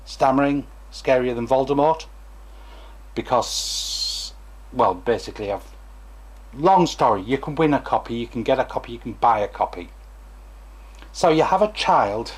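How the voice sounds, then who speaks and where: A man's voice: mid-range voice, slightly rough. A former stammering therapist, a man, gives a chatty, digressive talk to camera and acts out examples as he goes.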